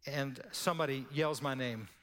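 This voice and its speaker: A man's voice: mid-range voice, normal speed, a bit bright. A male pastor preaching a sermon in a conversational, storytelling way, with laughing asides and acted-out quotes. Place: church sanctuary. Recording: long church hall reverb.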